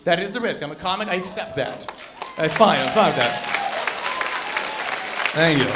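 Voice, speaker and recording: A young man performing a stand-up comedy set on a club stage, animated, jumping between loud bursts and low mutters. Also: moderate pace, a crowd in the background, background noise.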